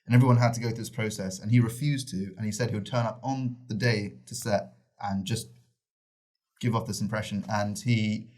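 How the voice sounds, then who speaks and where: A man's voice: on the low side, steady tone, brisk, a little mellow. A man co-hosting a podcast, talking eagerly in casual chat and often restarting sentences. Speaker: podcast co-host. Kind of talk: casual film review chat.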